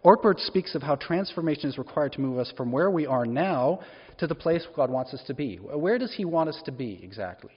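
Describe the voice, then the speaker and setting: A man preaching a sermon, chatty and questioning, with a fairly high voice that rises and falls a lot. His tone is a little husky. The recording is dull and lo-fi, with a long reverb from the church hall. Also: animated, a little fast. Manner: conversational, asks the congregation questions. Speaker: pastor. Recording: echoey hall, dull lo-fi sound.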